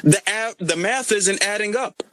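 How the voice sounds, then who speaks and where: A man's voice: high voice, unhurried, a bit bright, no echo. A man giving impassioned political commentary in an audio chat room, emphatic and repetitive.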